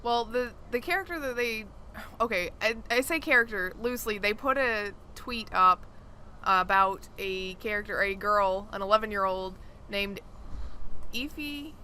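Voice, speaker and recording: A woman co-hosting a podcast in casual chat, animated and quick to laugh. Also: medium pitch, a little hiss or hum. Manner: animated, laughs often, talks in bursts. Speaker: podcast co-host.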